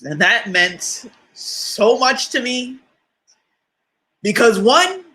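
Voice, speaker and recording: A woman's voice: fairly high pitch, expressive, extremely slow, a bit bright. A woman motivational speaker telling a personal story on a livestream, candid and conversational, close to tears and laughing through it. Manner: candid, conversational, addresses listeners directly.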